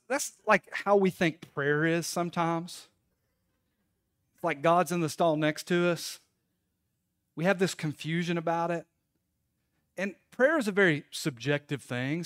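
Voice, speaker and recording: Guy pastor preaching, chatty storytelling sermon, kinda high voice, dry sound. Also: no echo. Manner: conversational storytelling, addressing congregation.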